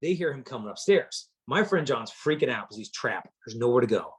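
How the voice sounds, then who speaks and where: A man's voice: medium pitch, fairly quick, breathy edge. A man giving a storytelling talk to teenagers, punchy and humorous, acting out the people in his stories. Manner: lively storyteller acting out quotes; punchy, humorous delivery to teens. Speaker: chastity speaker.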